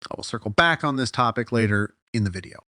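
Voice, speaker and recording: A man narrating a scripted commentary voice-over in a critical, measured way, with occasional fillers. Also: medium pitch, expressive, bright, forceful tone, dry recording, clean studio sound.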